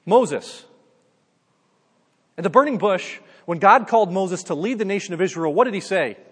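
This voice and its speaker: A man with a high voice delivers a sermon in an easygoing way, addressing listeners as "guys" and peppering his talk with "like". His voice rings out with a long reverb, as in a large hall. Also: expressive, moderate pace, fairly bright tone, slightly rough. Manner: conversational preaching, addresses listeners as "guys", often says "like". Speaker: pastor.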